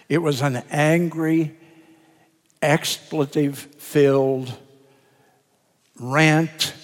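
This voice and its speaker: An older man, a pastor of many years, preaching a sermon in an earnest, deliberate way, drawing out words for emphasis. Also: a little high. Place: church sanctuary. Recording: sermon in a reverberant church sanctuary.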